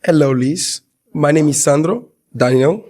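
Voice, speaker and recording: A man in his thirties, a dating show contestant, speaking in halting, simple phrases. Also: fairly high pitch, darkish tone. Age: 30s.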